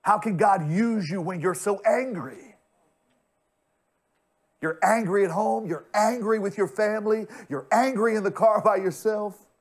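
Slow, dramatic preaching man. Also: high-pitched. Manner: dramatic preaching, swinging from loud to hushed; addresses the congregation directly. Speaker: pastor. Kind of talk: sermon.

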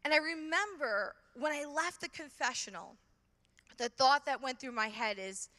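A middle-aged woman from Brooklyn with a New York accent, giving an animated testimony talk at a conference and acting out her own reactions. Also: high-pitched, normal speed. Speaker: conference speaker. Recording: hall reverb from a large venue.

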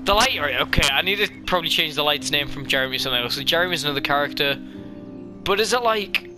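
A young man giving excitable let's-play commentary, jokey and chatty, talking back to the characters on screen. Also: a little high, fast, over music. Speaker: gaming YouTuber.

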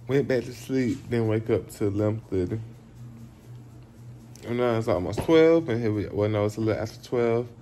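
A man's voice: fairly low pitch, moderate pace, slight background noise. A young man vlogging at home while sick, chatting casually and swearing, his tongue sore from a bite. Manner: chatty, animated, swears freely, talks straight to viewers. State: sick with food poisoning, bitten sore tongue. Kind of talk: casual vlog talk to camera. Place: at home in his apartment, indoors. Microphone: camera on a tripod.

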